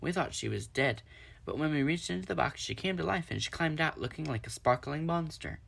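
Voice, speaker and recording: A man's voice: a little high, lively intonation, a little fast, creaky, pitched above the performer's own voice, exaggerated voice. A man voicing a chatty, friendly otter. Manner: chatty, friendly, a bit louder.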